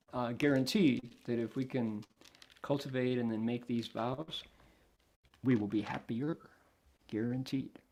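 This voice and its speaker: A man's voice: mid-range voice, gravelly, a little mellow. A man, a Buddhist monk, gives a dharma talk on a sutra, puts questions to his listeners and acts out short exchanges. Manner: translates himself between English and Chinese; asks the audience questions.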